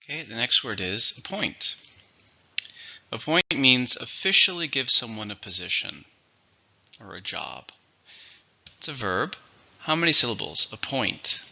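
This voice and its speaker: A man teaching English vocabulary in a slow, clear, instructive way. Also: mid-range voice, big pitch swings, sharp tone. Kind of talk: vocabulary lesson. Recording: dull, lo-fi recording.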